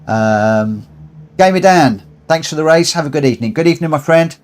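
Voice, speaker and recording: A man's voice: a little high, animated, brisk. A man hosting a live racing stream from his room at home, chatting casually and reading out race results. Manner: chatty, friendly, reads results aloud. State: out of breath. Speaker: streamer hosting online races.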